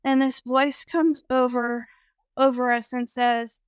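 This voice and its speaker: Slow, clear-voiced woman telling her story. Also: high-pitched, little pitch movement, no echo. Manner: slow, reflective, with frequent "um" pauses. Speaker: guest sharing a spiritual experience. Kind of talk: personal storytelling.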